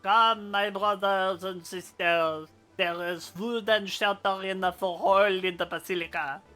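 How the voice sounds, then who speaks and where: A woman voicing a solemn male priest who welcomes refugees, with a slow, sonorous delivery. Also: medium pitch, steady tone, sharp tone, soft background music.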